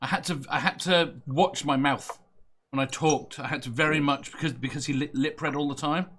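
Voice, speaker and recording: A man's voice: a little high, steady tone, a little fast, fairly bright tone, slight background noise. A man from Merseyside hosting a casual quiz podcast, chuckling often and rambling loosely. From Merseyside, England. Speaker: quiz show host.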